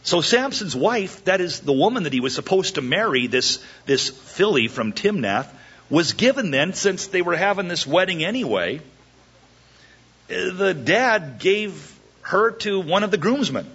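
Animated man preaching a sermon. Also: high voice, unhurried, breathy edge, muffled recording. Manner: animated, jokey, acts out the characters' lines. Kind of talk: verse-by-verse sermon.

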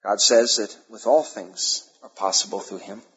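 A male pastor preaching a sermon, emphatic, repeating key phrases and pausing between them. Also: on the low side, steady tone, a bit bright, slightly rough. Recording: dull lo-fi sermon recording.

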